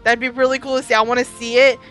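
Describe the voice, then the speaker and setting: Chatty young woman, bright voice. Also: on the high side, flat delivery, faint music behind, poor audio. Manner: chatty, swears freely, quick asides. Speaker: podcast co-host. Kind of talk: casual chat.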